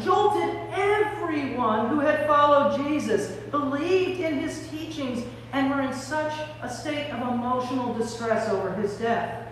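A woman preacher giving an Easter sermon, telling the story with animated, theatrical storytelling. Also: sits high, a little slow, a little hiss or hum. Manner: animated storytelling, acting out scenes. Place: large church sanctuary. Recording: echoey hall from a distant mic.

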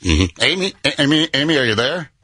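Joking radio host man, bright husky voice. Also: medium pitch, very animated, a little fast. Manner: joking, teasing callers, laughs often. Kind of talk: casual morning radio banter.

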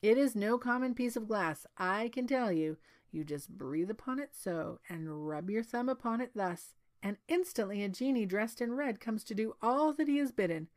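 A woman voicing a calm, plain-spoken man explaining a magic crystal in a read-aloud story. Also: on the high side, normal speed, lightly acted. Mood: matter-of-fact.

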